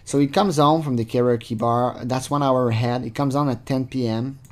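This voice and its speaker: A man's voice: mid-range voice, steady tone, normal speed. A man hosting his channel, giving rambling, sarcastic casual commentary full of fillers. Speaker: channel host. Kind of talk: casual commentary reading chat logs.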